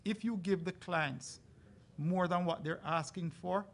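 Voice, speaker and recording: A man speaking as a resort brand representative on a live panel, making an earnest, persuasive sales pitch. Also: a little slow, vocal fry. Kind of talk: panel discussion.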